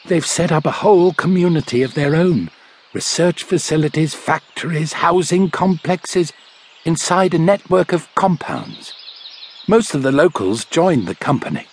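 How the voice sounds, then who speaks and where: A man doing a jumpy young fugitive driver, high and urgent, voice leaping around, for a storybook audiobook. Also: lively intonation, measured pace, a little hiss or hum. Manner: urgent, shouting, frightened. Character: nervous young man truck driver on the run.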